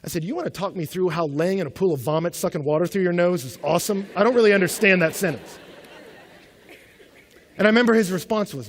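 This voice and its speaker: A man preaching a sermon, telling a story with quoted dialogue and swinging between loud emphatic lines and hushed ones. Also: sits high, quick pace. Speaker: pastor.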